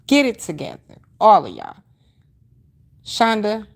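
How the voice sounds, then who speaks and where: A woman's voice: medium pitch, expressive, measured pace, vocal fry. A middle-aged woman hosting a casual livestream, talking emphatically and with sass, repeating her points and answering viewer comments. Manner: emphatic, preachy, sassy, repeats herself. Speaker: livestream host.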